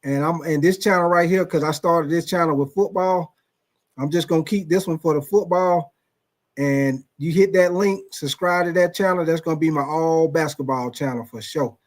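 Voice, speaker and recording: A man's voice: a little high, normal speed. A man hosting a sports livestream, telling loose, profane stories and calling out viewers by name. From Atlanta, USA. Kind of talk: casual live-stream chat.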